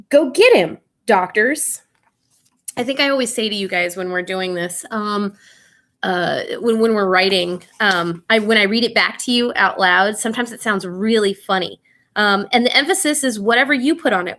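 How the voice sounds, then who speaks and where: Young woman teacher, bright tone, informal and full of "um" and "right?". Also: a little high. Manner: chatty, with many fillers and "right?" checks. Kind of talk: live online class lesson.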